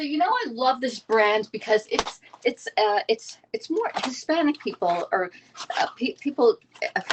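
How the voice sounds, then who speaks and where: A fast-talking woman, hosting a casual live cooking stream from her home kitchen and reading viewer comments aloud. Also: medium pitch, a bit bright, slight background noise. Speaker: livestream cooking host.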